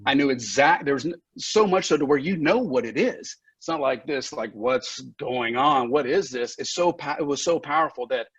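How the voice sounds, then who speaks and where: Man, podcast guest, candid and profane, husky voice, dry dull lo-fi audio. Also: medium pitch, lively intonation, normal speed, hardly any pauses, fairly bright tone, no room sound. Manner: frank and profane, laughs often, gets emotional. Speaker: guest, recovery center founder. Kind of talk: candid conversational storytelling.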